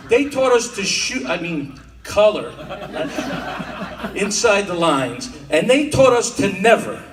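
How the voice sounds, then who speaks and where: His voice sits a little high, and there's slight background noise as he works a comedy club crowd with wisecracking stories and mock-tough Italian-American bits. Recorded from a distance in a roomy club, the clip carries audience laughter and ambient club sound.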